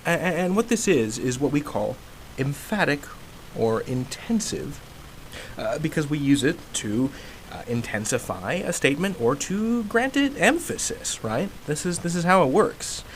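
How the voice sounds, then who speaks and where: A man's voice: fairly high pitch, sing-song, a little slow, a little hiss or hum, low-quality recording. A man teaching grammar in a casual educational video, chatty, acting out example sentences with emphasis.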